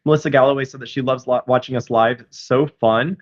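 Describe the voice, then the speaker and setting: A man's voice: mid-range voice, steady tone, a little fast, lo-fi sound. Easygoing man reading viewer comments. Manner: easygoing, agreeable, reads comments aloud. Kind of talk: casual live-stream chat.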